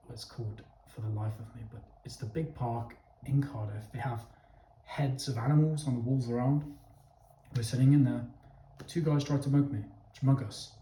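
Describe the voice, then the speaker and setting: A man's voice: mid-range voice, dark tone, recorded from a distance, slight background noise. A man talking frankly and casually to his viewers, repeating phrases and restarting as he goes. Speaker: channel host. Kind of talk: casual talk to camera. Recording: roomy sound from away from the mic.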